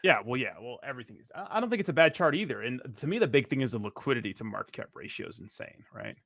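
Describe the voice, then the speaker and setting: A man's voice: mid-range voice, animated, rapid-fire, gravelly, fairly bright tone, no room sound, studio quality. A man in casual podcast chat, brash and emphatic, swearing freely.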